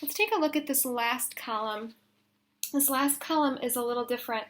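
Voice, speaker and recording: A woman teacher giving a recorded phonics lesson to young children, patient and sounding out letter sounds slowly and deliberately. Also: high voice, fairly bright tone, a little hiss or hum. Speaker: elementary school teacher.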